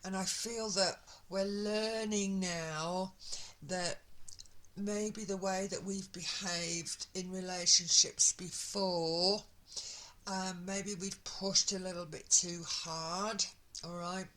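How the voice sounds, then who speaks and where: A woman giving an excitable, gushing tarot reading, full of exclamations and sighs. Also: on the low side, slow pace, rough recording. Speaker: tarot reader.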